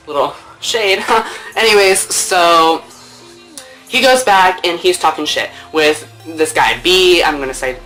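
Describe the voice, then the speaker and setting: A young woman storytime vlogger talks to camera at home, spinning a casual tale in a chatty, playful way. She's animated, drops lots of fillers and swear words, and acts out quotes with big jumps in pitch.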